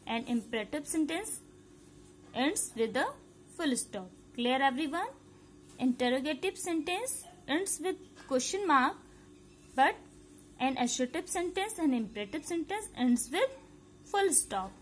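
Schoolteacher, woman, high voice, patient drilling delivery, slight noise under the track. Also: animated, unhurried, long pauses. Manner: repetitive, checks understanding, mixes in Hindi; spells words out letter by letter. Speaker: school teacher. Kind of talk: recorded grammar lesson for young pupils.

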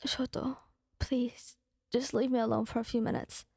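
A woman playing a sad, tearful young woman in whispered role-play, speaking in a shaky, apologetic hush. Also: a little high, flat delivery, moderate pace, vocal fry, husky, no room sound, clean studio sound.

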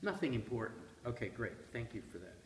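A man leading a classroom poetry discussion, quizzing students with a lively, playful manner. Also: medium pitch, brisk. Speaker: seminar leader. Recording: echoey room from a distance, faint hiss.

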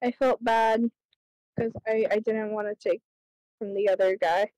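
A woman's voice: medium pitch, steady tone, unhurried, darkish tone, no room sound, low-quality recording. A young woman streamer chatting casually while gaming, laughing and swearing often.

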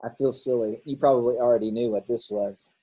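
A man teaching a grammar lesson, working through workbook answers out loud, thinking aloud and correcting himself as he goes. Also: mid-range voice, steady tone, a little fast, breathy edge, poor audio.

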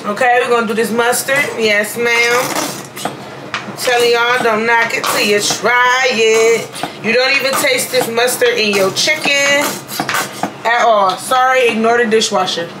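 A young woman with a slightly high voice chats playfully with viewers as she cooks dinner in her home kitchen for a casual cooking vlog. She speaks a little slowly with fairly even intonation, sounding sleepy and a bit worn, over a noisy background.

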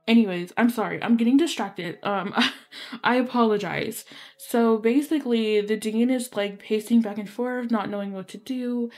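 A woman's voice: on the high side, darkish tone. A young woman casually telling a story while playing, rambling with many fillers and apologetic asides. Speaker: gaming video creator.

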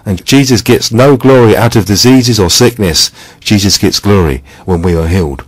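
A man preaching a scripted sermon, reading scripture quotes in a measured, steady devotional way. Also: on the low side, slightly rough, no room sound, low-quality recording.

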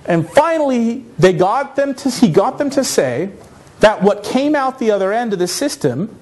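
A man from North America giving a conference talk, telling a story in an animated, self-mocking way. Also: high voice. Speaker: conference speaker.

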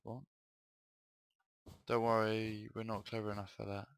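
A man's voice: lowish voice, monotone, unhurried, gravelly, clean tone. A man giving let's play commentary on a horror map, reacting with startled exclamations and swearing. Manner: startled, swearing reactions mixed with reading in-game text aloud. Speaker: gamer playing a horror map.

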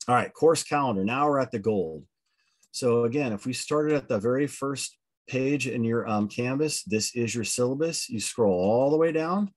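A middle-aged man, going over a course calendar on the first day of a college logic class in a candid, blunt, chatty way with many asides. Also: mid-range voice.

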